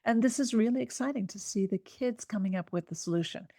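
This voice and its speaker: A woman's voice: on the high side, fast talker, creaky, mellow, dry recording, studio quality. A woman psychologist answering a parent's question, chatty and laughing, acting out what parents might say. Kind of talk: advice Q&A.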